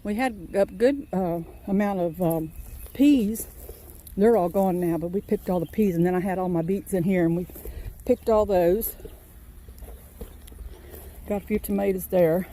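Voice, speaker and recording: Mellow-voiced woman touring her garden. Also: mid-range voice, a little slow, pauses often. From Virginia, USA. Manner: rambling, homespun, chatty. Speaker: farm vlogger. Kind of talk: casual garden tour. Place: outdoor vegetable garden.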